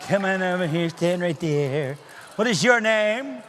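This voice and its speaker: A man performs comic magic-show patter for a family audience, joking, teasing and calling out loudly to the crowd. His voice sits high and sounds bright and forceful. There is a faint hiss of background noise. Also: lively intonation, measured pace. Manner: playful, teasing, loud, calls out to the crowd. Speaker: magician and children's entertainer. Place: synagogue sanctuary in front of a live audience.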